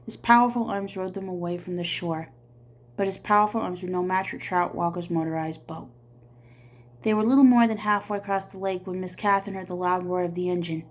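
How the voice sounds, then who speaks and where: A woman reads a novel aloud as an audiobook reader. She tells the story in a steady, even manner. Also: fairly low pitch, brisk.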